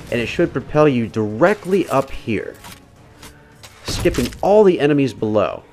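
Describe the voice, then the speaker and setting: A man giving casual, step-by-step gameplay commentary as the voice-over for a game walkthrough. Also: mid-range voice. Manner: casual, instructive, talks the viewer through each step. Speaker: video game walkthrough narrator.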